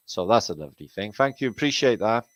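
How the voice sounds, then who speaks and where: A man's voice: fairly low pitch, lively intonation, fast, dry recording, rough recording. Swearing British man hosting a livestream. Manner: rambling, swears freely, slangy and chummy. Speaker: livestream host. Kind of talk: casual livestream chat, reading out viewer comments. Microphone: streaming setup mic.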